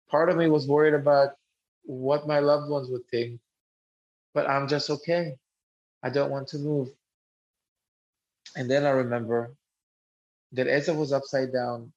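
A man's voice: medium pitch, vocal fry. A man telling a personal story in an earnest, reflective way, often restarting his sentences. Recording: muffled lo-fi recording.

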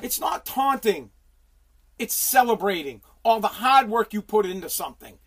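A middle-aged man ranting on a solo livestream, swearing and restarting his sentences, hoarse and losing his voice. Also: high voice, lively intonation, normal speed, slight background noise. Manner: profane heated ranting, stumbling restarts.

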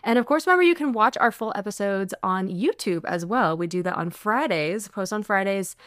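A woman's voice: mid-range voice, animated, brisk, a bit bright, dry recording. A young woman co-hosts a podcast in an easy, bubbly way, gushing and filling her talk with likes and ums. Her voice sits mid-range and is recorded close and dry. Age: young adult. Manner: bubbly, gushing, frequent fillers. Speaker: podcast co-host. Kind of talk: casual chat.

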